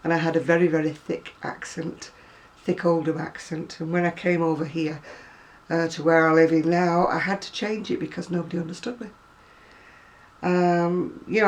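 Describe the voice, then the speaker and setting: A middle-aged woman with a Manchester accent, chatting casually to camera and laughing often. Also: low voice. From Northern England. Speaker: vlogger.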